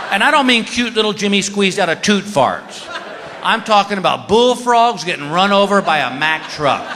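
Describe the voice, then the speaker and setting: A man's voice: high voice, background noise. A middle-aged man doing stand-up, telling a story and acting out the people in it. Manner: animated, acts out the people in his stories. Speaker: stand-up comedian. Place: theater stage before a crowd. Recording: live stage show in a big hall. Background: audience laughter.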